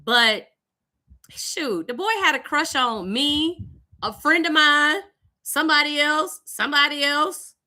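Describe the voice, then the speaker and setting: Bright-voiced Louisiana woman telling a story. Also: sits high, takes it slowly. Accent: Southern US, Louisiana. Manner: animated, conversational, with lively voiced greetings. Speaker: host. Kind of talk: live-stream storytelling.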